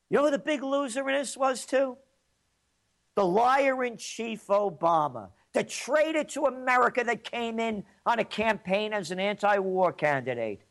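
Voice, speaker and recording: A male commentator and host from New York delivers a ranting political monologue. His voice is high and lively, his pace slow, and his manner combative, sarcastic and mocking.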